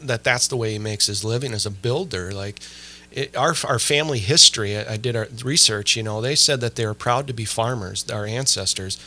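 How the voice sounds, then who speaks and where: A man hosting a casual podcast chat, telling animated family stories with lots of fillers and restarts. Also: lowish voice, brisk. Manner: animated storyteller, many fillers. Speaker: podcast host.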